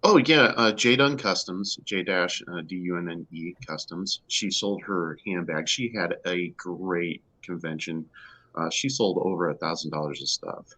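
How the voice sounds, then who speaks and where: A man's voice: low-pitched, normal speed, bright, forceful tone, low-quality recording. A man, a podcast guest, chatting casually and rambling with many fillers. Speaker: guest player.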